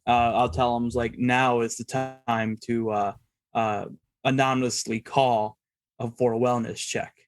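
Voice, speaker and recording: A man's voice: mid-range voice, little pitch movement, a little slow. A man playing a tabletop horror game, casually narrating his character's actions with lots of ums and restarts. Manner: rambling, full of ums and restarts.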